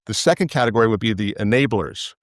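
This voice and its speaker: Speaking fast in a fairly low voice, a man answers interview questions as an investment analyst, thoughtful but often restarting and repeating his phrases. The recording is studio quality with no room sound.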